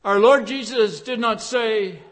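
Brief: male preacher, high voice, unhurried sermon delivery, hammers key phrases. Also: a bit bright. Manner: emphatic, repeats key phrases with rising force.

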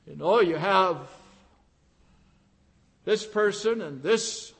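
A man's voice: sits high, lively intonation, slow pace, pauses often, slightly rough. A man preaching a sermon, emphatic and repeating key phrases with rising force.

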